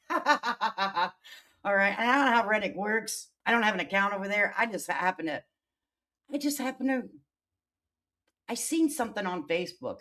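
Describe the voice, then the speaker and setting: A woman commenting on online drama during a livestream, reading posts aloud and answering them with sarcasm and sudden loud outbursts. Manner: sassy, sarcastic, swings between loud outbursts and low mutters.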